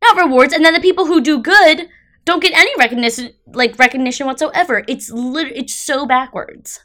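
Bright-voiced young woman chatting animatedly. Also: high-pitched, fairly quick. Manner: animated, chatty, many fillers. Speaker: podcast co-host. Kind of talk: casual chat.

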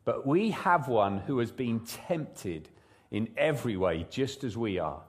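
A man preaching a sermon in a church service, praying and then talking in a lively, conversational way full of rhetorical questions. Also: mid-range voice, measured pace. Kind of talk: sermon with prayer. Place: church service, also streamed online.

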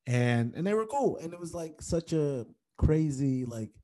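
A young adult man from Detroit, a stand-up comedian telling stories in a casual interview and acting out the voices of people he quotes. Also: measured pace. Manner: animated, acts out quoted voices with big pitch jumps.

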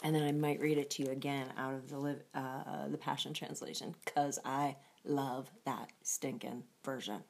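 A woman's voice: a bass voice, fairly even intonation, moderate pace, creaky, few pauses. A woman hosting a casual devotional talk, often laughing and thinking aloud as she goes. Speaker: host of a devotional show.

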